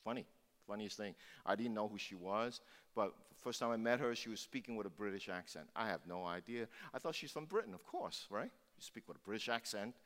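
A man's voice: on the low side, animated, brisk, a bit bright. A male pastor giving a sermon, preaching emphatically and repeating phrases for force. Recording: long hall reverb.

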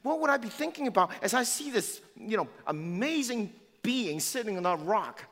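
Pastor guy, bit high voice, storytelling sermon, long echo in a church hall. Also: normal speed. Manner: animated, swings from loud to hushed.

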